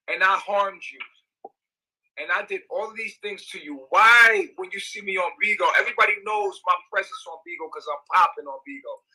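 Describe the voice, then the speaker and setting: A man's voice: high voice, bright, forceful tone, slightly rough, low-quality recording. A young man, ranting in an agitated, repetitive, profane livestream monologue.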